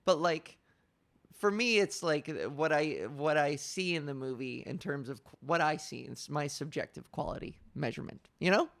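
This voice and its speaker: A young woman hosting a podcast, telling stories in a casual, animated way with lots of fillers. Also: deep voice, normal speed, gravelly, dry recording. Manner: animated storytelling with frequent laughs and fillers. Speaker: podcast host. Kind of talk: casual chat.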